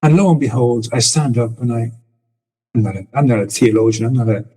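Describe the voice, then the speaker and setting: A husky-voiced man hosts a casual interview, stumbling over and repeating his words as he talks. His voice carries a long reverb, as if recorded in an echoing room. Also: medium pitch, brisk, mellow. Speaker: host.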